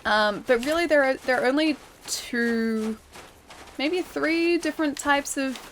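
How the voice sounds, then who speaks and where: Chatty young Australian woman streamer, slightly high voice, faint hiss behind her. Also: measured pace, fairly bright tone. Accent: Australian, city, pronounces final R's. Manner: chatty, reads chat aloud, giggly. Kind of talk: casual livestream chat while gaming.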